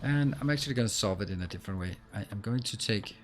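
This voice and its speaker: A man hosting a let's play, explaining what he does as he plays and filling pauses with frequent ums and uhs. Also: on the low side, lively intonation, faint music behind. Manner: explains while playing, with frequent fillers. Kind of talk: gameplay commentary.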